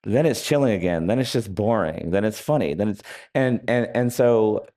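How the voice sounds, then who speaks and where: A man's voice: lowish voice, expressive, moderate pace, dark tone. A man, an author speaking in a live onstage interview, telling wry, rambling anecdotes with frequent hesitations. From United States. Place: festival stage before an audience.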